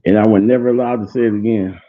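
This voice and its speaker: A man's voice: lowish voice, steady tone, fast talker. Man rambling on a tinny phone-like line. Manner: rambling, repeats himself, laughs hard. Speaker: show host. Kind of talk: casual storytelling chat.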